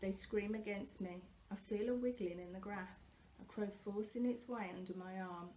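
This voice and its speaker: A woman reading a first-person novel aloud, expressive and growing louder at tense moments, with the odd slip and self-correction. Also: mid-range voice, normal speed, slight background noise, low-quality recording. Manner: occasional slips and self-corrections. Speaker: reader.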